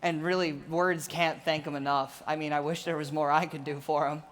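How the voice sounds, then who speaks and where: A man's voice: on the high side, level tone, fairly quick, a bit bright. A tired man co-hosting a convention closing ceremony, teasing his partner and reading sponsor names. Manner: teasing, playful jabs at co-host. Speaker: convention co-host on stage. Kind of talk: live stage banter. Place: large convention hall stage. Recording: convention hall with crowd noise. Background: crowd and room noise.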